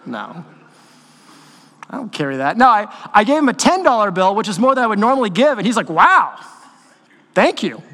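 Male pastor, high voice, animated conversational sermon, live in a reverberant church. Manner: conversational, animated storytelling with quick asides. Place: church sanctuary. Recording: long hall reverb in a church.

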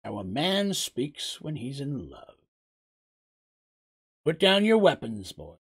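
A man voicing a calm, sly older stranger who speaks in a dry, knowing way. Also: medium pitch, takes it slowly, husky, exaggerated voice. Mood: amused.

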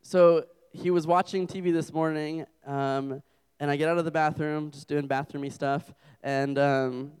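A man's voice: a little high, fairly even intonation, normal speed, darkish tone, clear, resonant tone. A young adult man preaching a humorous sermon to a campus group, telling self-deprecating stories as a father. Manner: joking, self-deprecating storyteller.

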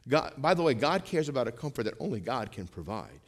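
A middle-aged man preaching to his congregation in a chatty style, full of asides and rhetorical questions, slowing and swelling when he reads scripture. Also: medium pitch, big pitch swings. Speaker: pastor. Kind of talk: sermon.

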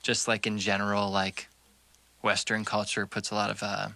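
A man's voice: fairly low pitch, completely flat delivery, moderate pace, gravelly, sharp tone, slight background noise. A man, a guest musician, chatting casually between songs in a basement, loose and thoughtful, laughing often.

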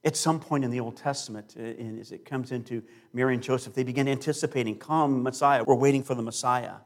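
A male pastor preaching a sermon with emphasis, slowing down and repeating key words. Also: fairly even intonation. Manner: emphatic preaching with big swings in loudness and pitch.

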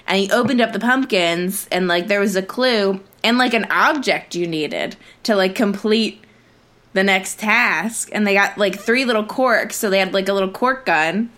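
A woman's voice: medium pitch, moderate pace, a bit bright. Chatty rambling young woman podcaster. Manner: chatty and rambling, with many fillers and restarts. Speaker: podcast co-host. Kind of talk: casual chat.

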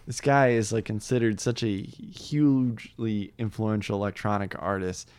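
A man's voice: fairly low pitch, steady tone, moderate pace, a little mellow, clean tone. A man hosting a casual podcast, upbeat and chatty, rambling with fillers and frequent laughs. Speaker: podcast host.

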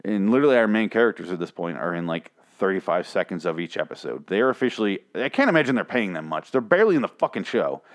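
A man reviewing a TV episode in a fast, profane, exasperated rant that rambles from point to point. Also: low voice, very animated. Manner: speaks quickly.

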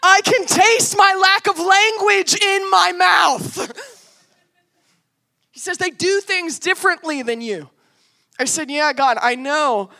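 A young woman from the United States telling a story in a sermon in an animated way, acting out the quotes. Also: very high voice, slow pace, vocal fry, long pauses. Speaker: preacher.

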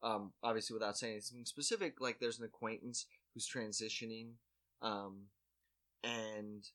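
A man with a bright, forceful voice tells an awkward story in a relaxed chat. He rambles and restarts his sentences, stuffs them with "like", and makes fun of himself as he goes. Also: on the low side, normal speed. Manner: rambling, full of "like" and restarts, self-mocking. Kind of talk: casual chat, telling a story.

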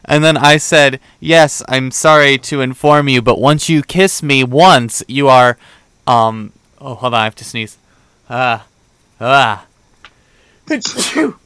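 A man's voice: medium pitch, steady tone, measured pace, a bit bright, clean tone, dry recording. A young man hosting a podcast, chatting casually and rambling through a dating story, acting out the quoted back-and-forth with lots of fillers. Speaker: podcast host. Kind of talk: casual chat.

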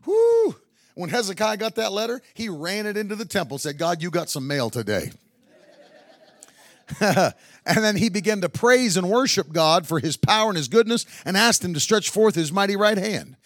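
A male preacher with a high voice that leaps all over its range. He moves from easy, joking talk into shouted, half-sung climaxes. The sound is close and dry, with no room around it. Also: big pitch swings, normal speed, no room sound. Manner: builds to shouted, sing-song climaxes, with woos and hallelujahs; chatty and joking in quieter stretches. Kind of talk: sermon.

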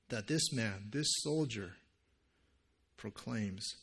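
A man delivers a sermon in an earnest, conversational manner. His voice sits at an everyday middle pitch. He often drops into a hushed, intimate register. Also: takes it slowly, long pauses, breathy edge. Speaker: pastor.

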